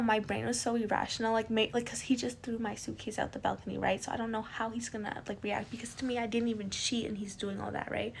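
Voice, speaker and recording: Young woman vlogger, gravelly fry, rambling casual delivery, faint hum behind her. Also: medium pitch. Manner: rambling, filler-heavy, lots of "like" and "right?". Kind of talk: casual storytime.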